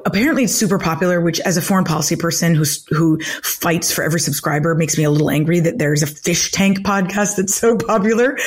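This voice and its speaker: A woman talks through a news story on a podcast in a husky, slightly low voice. She is animated and indignant, restarting sentences as she goes. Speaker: regular guest commentator. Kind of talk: casual podcast chat.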